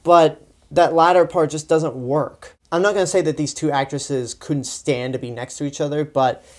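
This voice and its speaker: A man's voice: on the high side, steady tone, moderate pace. A young man giving a casual, sarcastic movie review, sounding exasperated and rambling with frequent restarts. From Texas. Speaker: film reviewer.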